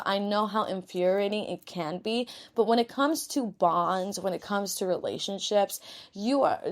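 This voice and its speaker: A young woman with a New York accent hosts her own podcast. She talks in a candid, rambling way and swears freely. She sounds tired after a full day of work. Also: medium pitch. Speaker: podcast host. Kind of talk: casual self-help pep talk.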